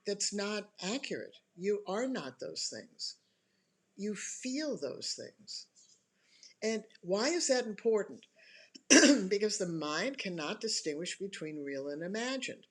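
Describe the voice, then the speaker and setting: A health educator speaks slowly and calmly, letting the pitch rise and fall freely. The talk moves point by point, with deliberate pauses to let each idea land. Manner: calm, deliberate, explains point by point; slow, emphatic pauses between phrases. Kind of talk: instructional talk to an online audience.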